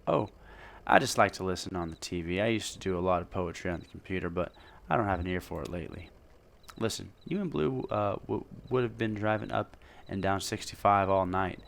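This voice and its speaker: A man's voice: deep voice, steady tone, fast talker, gravelly, hardly any pauses, fairly bright tone, slight background noise. A man voicing a folksy, chatty older male gas station owner with a put-on drawling country voice. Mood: helpful.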